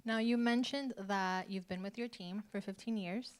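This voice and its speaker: A woman moderating an onstage interview in a small theater, asking measured questions. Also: medium pitch, steady tone.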